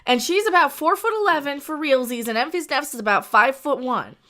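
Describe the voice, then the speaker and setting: A woman's voice: sits high, animated, fairly quick, bright, forceful tone. A woman co-hosting a livestream, ranting sarcastically in casual chat with lots of restarts. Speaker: livestream co-host.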